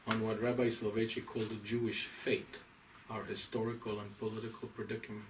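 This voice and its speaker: A man, a rabbi, giving a deliberate, emphatic, scholarly lecture to a small audience. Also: on the low side, little pitch movement. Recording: distant mic, faint room noise.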